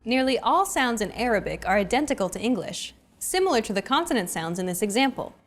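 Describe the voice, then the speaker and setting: A woman hosting a scripted language lesson, explaining clearly and evenly. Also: a little high, sing-song, a little fast. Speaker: lesson host.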